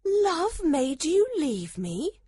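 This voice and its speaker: A bewildered young woman in a storybook, speaking slowly in a high voice that swoops widely. A man plays her. Dry, close sound. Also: wildly swooping pitch, dry recording, heavily acted. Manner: slow, pleading questions. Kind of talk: storybook reading.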